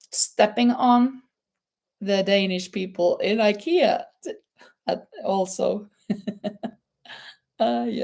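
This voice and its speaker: A crochet channel host from Norway chats casually on a live stream, laughing often and reading viewer comments aloud. Her Norwegian-accented voice is medium-pitched and a little mellow.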